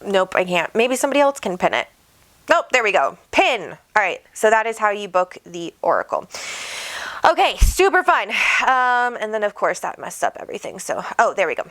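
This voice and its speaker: Woman host, chatty livestream, bubbly and warm toward viewers, home mic. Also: mid-range voice, big pitch swings, moderate pace. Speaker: psychic medium host. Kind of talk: casual livestream chat. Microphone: desk microphone.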